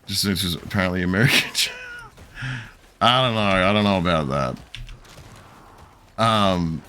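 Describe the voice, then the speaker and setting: A man's voice: low-pitched, sharp tone. A young man streaming a game, telling a long, profane story in a rambling, chuckling way. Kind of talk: casual chat while gaming.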